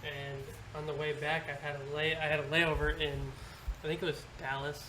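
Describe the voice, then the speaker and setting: A man calmly recounting a travel delay in casual podcast chat, matter-of-fact. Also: on the high side, normal speed, a little hiss or hum, low-quality recording. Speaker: podcast co-host.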